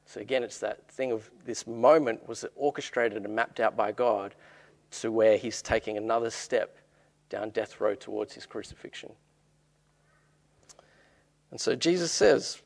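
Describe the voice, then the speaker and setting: A man's voice: mid-range voice, gravelly. A man preaching a sermon as pastor, reading scripture verses aloud and then explaining them in plain everyday talk.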